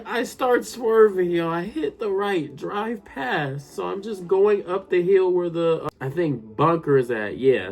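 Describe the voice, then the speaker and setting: A man telling a personal story to his viewers in a casual, excitable way, often addressing them directly. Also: mid-range voice. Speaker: storytime YouTuber.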